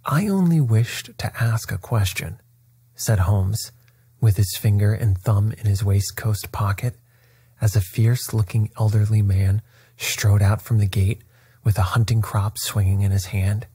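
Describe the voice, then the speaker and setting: A man narrating a classic story at bedtime with a soft, steady, soothing delivery. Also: on the low side, unhurried, husky, no room sound.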